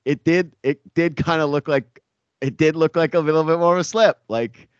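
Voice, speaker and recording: A man co-hosting a sports podcast, rambling and animated with many filler words in casual chat. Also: on the high side, moderate pace, clean tone, no room sound, clean studio sound.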